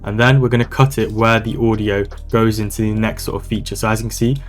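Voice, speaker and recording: A man walking through a software tutorial over a screen recording, talking in a brisk, casual, upbeat way. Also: fairly low pitch, level tone, faint music behind. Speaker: online business coach.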